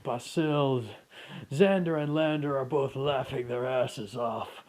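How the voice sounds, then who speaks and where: A man's voice: medium pitch, slow pace, darkish tone. A man narrating an improvised fan story casually, with restarts and asides.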